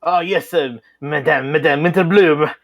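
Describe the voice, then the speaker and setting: A woman's voice: low voice, creaky. A woman voicing a gallant male escort in a hammy fake French accent. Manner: hammy, halting delivery.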